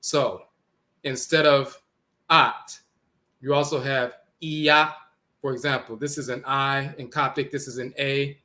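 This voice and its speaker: Male lecturer, bright and forceful tone, slow and methodical, repeats key words. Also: mid-range voice, fairly even intonation. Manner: repeats words slowly, spelling out sounds. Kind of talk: explanatory lecture.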